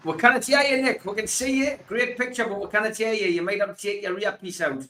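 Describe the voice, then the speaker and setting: Chatty podcast host in an echoey room. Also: male voice, high voice, fast, slight background noise. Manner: relaxed, reads out chat comments with many fillers. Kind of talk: fan podcast chat.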